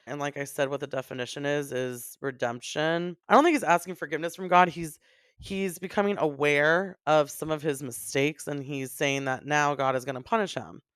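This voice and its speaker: A woman's voice: sits low, smooth, dry recording, studio quality. A woman co-hosting a podcast, talking earnestly and with feeling about song lyrics and her late parents. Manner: emotional, voice breaking near tears. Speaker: podcast co-host. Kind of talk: casual chat about an album.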